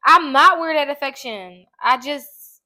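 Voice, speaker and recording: A woman's voice: high voice, measured pace, pushed and bright. A woman co-hosting a podcast in casual chat who laughs easily and earnestly steers the topic back. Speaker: podcast co-host.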